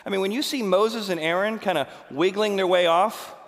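A man preaching a sermon as pastor, retelling a story dramatically, acting out the quoted lines and swinging from loud to hushed. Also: high voice, moderate pace, long reverb tail.

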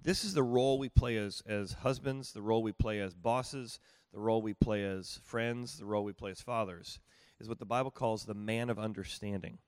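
A man's voice: lowish voice, normal speed, darkish tone, no echo. A middle-aged man, a pastor, teaching on marriage and listening in a folksy, conversational way, often asking his listeners whether it makes sense. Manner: conversational, folksy, asks the audience rhetorical questions.

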